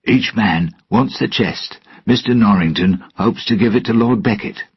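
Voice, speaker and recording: A man's voice: fairly low pitch, normal speed, slightly rough, highs cut off, voice pushed up. A man reading a storybook aloud and voicing a simple pirate earnestly explaining things. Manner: explaining, slightly raised.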